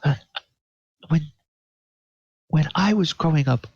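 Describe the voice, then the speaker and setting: A man voicing a resentful young townsperson, speaking in a hushed, halting way. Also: slightly rough, dry recording. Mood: bitter, hushed. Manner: hushed, halting, rising pitch. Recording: dull lo-fi audio.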